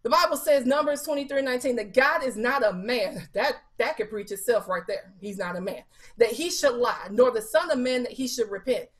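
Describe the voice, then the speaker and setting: A woman's voice: on the high side, brisk. A woman evangelist delivering a sermon at a Bible study, quoting scripture and asking the listeners rhetorical questions in a casual, colloquial way. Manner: animated preaching with scripture quotes and rhetorical questions; casual colloquial speech with fillers.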